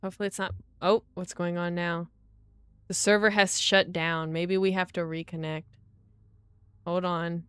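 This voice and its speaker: A young woman livestreaming a game launch, chatting excitedly to her viewers and calling them guys. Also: lowish voice, normal speed, smooth, dry recording. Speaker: livestreaming gamer. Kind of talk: casual livestream chat.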